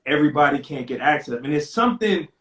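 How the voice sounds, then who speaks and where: A man's voice: on the high side, animated, fast talker, fairly bright tone. Earnest man on a roomy live stream. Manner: earnest, keeps asking "right?". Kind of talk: casual conversation. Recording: roomy echo.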